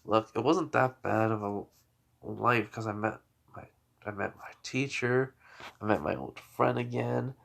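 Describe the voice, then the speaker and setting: A man voicing a calm, weary young hero. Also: fairly low pitch, unhurried, gravelly, a little hiss or hum. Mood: somber.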